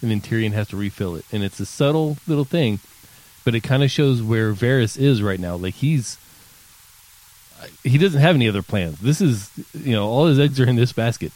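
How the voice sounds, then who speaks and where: Relaxed man chatting on a podcast. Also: medium pitch, normal speed, rough recording. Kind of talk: casual chat recapping a TV episode.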